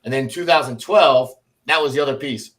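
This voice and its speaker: A man's voice: mid-range voice, a little fast. A middle-aged man, a former Army officer, telling stories in a casual podcast interview and acting out the people he quotes. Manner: animated storyteller, acts out quoted voices.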